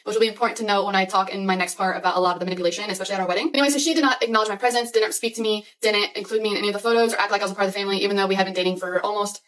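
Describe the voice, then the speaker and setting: A young woman in her twenties telling a personal story in a rapid, anxious style, full of "like"s. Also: mid-range voice, fairly even intonation, a bit bright, far from the mic, rough recording. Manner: fast, anxious retelling with many "like"s.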